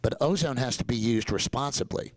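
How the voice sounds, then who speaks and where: Animated New York man giving a talk. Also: medium pitch, brisk, no echo, rough recording. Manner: animated, joking, emphatic storyteller. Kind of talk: conference presentation.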